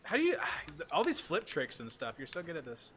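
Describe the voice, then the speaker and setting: A man with a bright, slightly high voice hosts a casual gaming livestream. He chats playfully and laughs at his own mistakes. A faint hiss of noise sits behind him. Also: wildly swooping pitch, brisk. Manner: playful, self-deprecating, chatty. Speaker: host.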